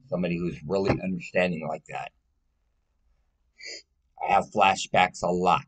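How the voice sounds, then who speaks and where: A man's voice: low-pitched, steady tone, moderate pace, pauses often. A man speaking in a casual personal monologue, rambling and blunt, swearing often and pleading emotionally.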